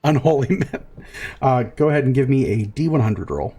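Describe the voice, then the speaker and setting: Game master, man, mid pitch, halting narration with lots of ums. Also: lively intonation, mellow, slightly rough, faint music behind. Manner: hesitant, many fillers.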